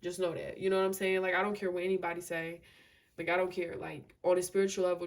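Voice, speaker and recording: A woman's voice: mid-range voice, a little mellow. A woman giving a casual tarot reading to camera, emphatic and slangy, repeating herself and filling with "you know" and "like". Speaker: tarot reader.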